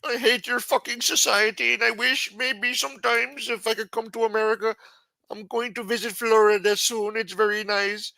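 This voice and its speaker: Shrill mocking foreign guy, put-on accent, scornful, sharp bright tone, dry sound. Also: fairly even intonation, normal speed, gravelly, no room sound, heavily acted, low-quality recording. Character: high-pitched sneering foreign male chatter.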